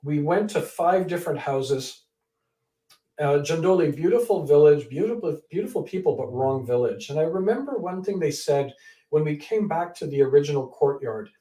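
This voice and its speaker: Animated man telling a story in an echoey room. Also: a little high, normal speed. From Canada. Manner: animated storyteller who acts out quoted people. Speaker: author and guest. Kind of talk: interview storytelling. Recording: echoey room, distant from mic.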